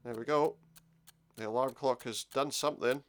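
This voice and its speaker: A man's voice: mid-range voice, fairly even intonation, moderate pace. A man giving casual commentary while playing a game, muttering his thoughts aloud. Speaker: let's play gamer.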